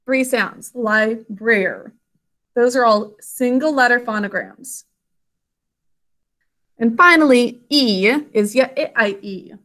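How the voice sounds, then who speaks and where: Brief: a woman as a high, bright-voiced phonics teacher, slowly sounding out words. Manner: slow, drawn-out sounding out of words; encouraging praise for students. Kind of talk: spelling and phonics lesson.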